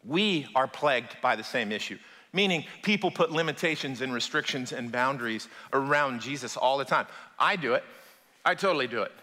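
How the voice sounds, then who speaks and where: Animated bright-voiced male preacher. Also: medium pitch, fairly quick. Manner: animated, acts out voices in quotes. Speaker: pastor. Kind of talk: sermon. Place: church hall with audience. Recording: long hall reverb.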